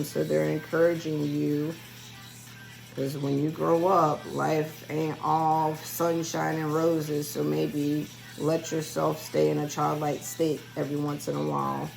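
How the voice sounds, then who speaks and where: Gravelly low-voiced woman rambling to viewers. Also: poor audio. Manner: rambling, chatty, talks straight to viewers. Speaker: spiritual reader. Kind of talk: casual solo vlog monologue.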